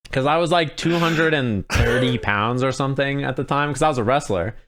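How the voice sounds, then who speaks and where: A man's voice: mid-range voice, moderate pace, fairly bright tone. A man, a fighting game commentator, talking candidly and in a laid-back way as the guest in an interview. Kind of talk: casual interview chat.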